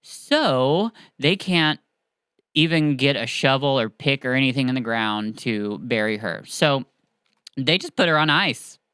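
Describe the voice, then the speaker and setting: A podcast host casually retelling a story in a chatty, animated way, with filler words. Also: medium pitch, unhurried, clear, resonant tone, dry recording.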